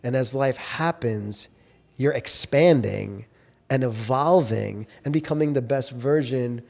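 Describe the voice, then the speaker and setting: A man's voice: medium pitch, slow, creaky, darkish tone. A young adult man co-hosting a podcast, speaking in a reflective, earnest, coaching way. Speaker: podcast co-host. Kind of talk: casual chat.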